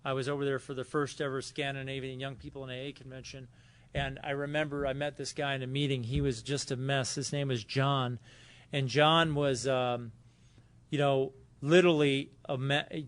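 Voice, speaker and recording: A man from Southern California tells personal stories at a recovery convention in a hotel conference room, speaking casually with lots of fillers and acted-out quotes. His mid-range voice is clear and resonant, with a flat delivery at a moderate pace.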